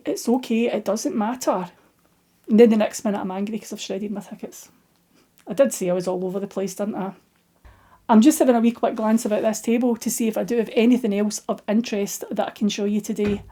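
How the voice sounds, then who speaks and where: A middle-aged woman with a soft Scottish accent talks her viewers through her crafting week from a table at home. Her voice sits a little high but sounds mellow and warm. She rambles in an easy, chatty way and pokes fun at herself as she goes. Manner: rambling, self-deprecating, chatty. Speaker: knitting video host. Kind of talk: casual chat.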